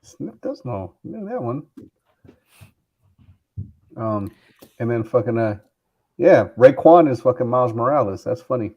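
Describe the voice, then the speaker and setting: A man's voice: medium pitch, sing-song, unhurried, pauses often, darkish tone, breathy edge, muffled recording. A man co-hosting a podcast in casual chat, cursing freely and rambling as he searches for words. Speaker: podcast co-host.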